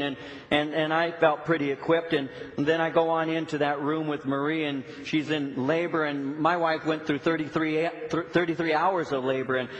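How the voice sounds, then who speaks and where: A middle-aged male pastor delivers a sermon in a church sanctuary, his voice sitting a little high for a man. He tells stories with animated retelling, often stumbling over repeated "and"s. A long reverb trails behind him in the hall. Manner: storytelling, animated, with many repeated "and"s.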